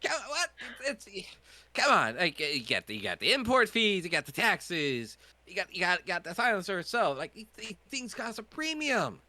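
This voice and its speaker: Impatient gun shop clerk, put on by a man: high, haggling, stuttering. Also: wildly swooping pitch, normal speed, sharp tone, heavily acted. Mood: pushy.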